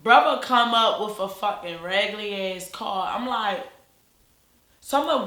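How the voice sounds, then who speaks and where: A woman's voice: medium pitch, moderate pace, sharp tone. Rambling, profane young woman vlogger. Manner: rambling, profane, restarts often. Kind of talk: casual storytime vlog. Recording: echoey room.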